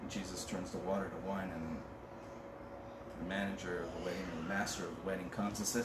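A pastor with a low voice delivers a conversational sermon in church, speaking flatly and a little fast. Along the way he makes casual jokes and reads scripture aloud. The sound is distant and roomy, with noise in the background.

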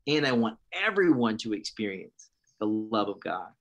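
Speaking as an interview guest, a thirty-something pastor recounts his testimony in a lowish, fairly bright voice that swings widely in pitch at a normal speed. He's earnest and fervent, preaching more than chatting, and keeps restarting his sentences.

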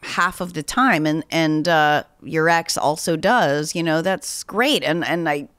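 A woman with a deep, clear, resonant voice and a fairly bright tone speaks at a measured pace, sounding a little nasal as though she has a cold. Hosting her podcast, she answers voicemails in casual chat, rambling and self-deprecating while often restarting and laughing.

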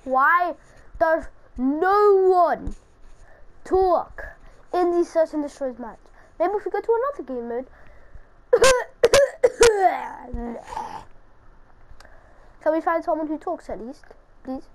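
Very high-pitched excitable woman gamer. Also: moderate pace, heavy background noise. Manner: excitable, taunting other players. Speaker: gameplay commentator. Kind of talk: casual gaming commentary.

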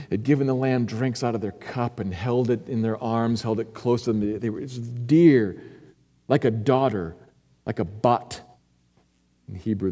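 Male pastor, mid-pitched and mellow, earnest sermon delivery with hushed-to-emphatic swings, reverberant sanctuary. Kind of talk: expository sermon. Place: church sanctuary. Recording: echoey church hall.

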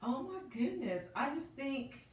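A woman's voice: high-pitched, big pitch swings, measured pace. A middle-aged woman, chatting casually and laughing through a clothing try-on haul, calling viewers girl and y'all. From United States. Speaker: fashion vlogger. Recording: echoey room.

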